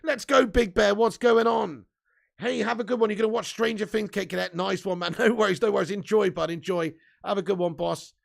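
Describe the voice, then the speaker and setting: A man's voice: high-pitched, fairly even intonation, brisk, vocal fry. A man hosting a live football fan stream, chatting casually with viewers, reading their comments, laughing often and swearing freely. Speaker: football fan channel host.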